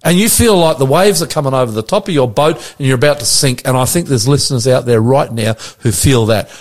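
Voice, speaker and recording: Earnest Australian pastor on radio. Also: male voice, medium pitch. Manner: earnest, preacherly, asks quick check-in questions. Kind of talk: radio devotional chat.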